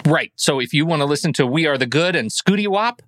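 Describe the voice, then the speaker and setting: A man's voice: on the high side, expressive, fast, fairly bright tone, no echo, studio quality. A man co-hosting a podcast in casual chat, rambling and self-deprecating, often restarting his sentences. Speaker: podcast co-host.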